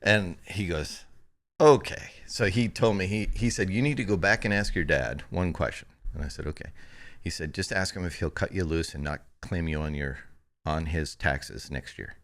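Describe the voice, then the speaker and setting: Low-voiced man telling family stories. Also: normal speed. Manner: animated anecdotes, quoting family members. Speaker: pastor, podcast co-host. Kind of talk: casual conversational storytelling.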